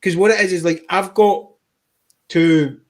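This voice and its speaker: Man with a slightly high voice, casual chat. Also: unhurried. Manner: relaxed, conversational, with hedging fillers. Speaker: guest on a tech livestream.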